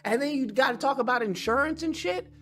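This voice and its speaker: Excitable, profane young man, bright voice. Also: extremely high pitch, quick pace, soft background music. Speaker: streamer host. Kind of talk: casual chat to viewers.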